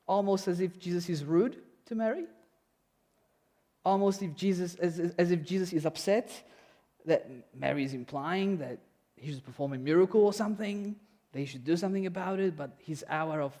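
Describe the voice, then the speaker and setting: Man with a high voice, young pastor, relaxed chatty sermon, lively delivery. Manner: conversational, animated with playful voiced quotes. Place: church.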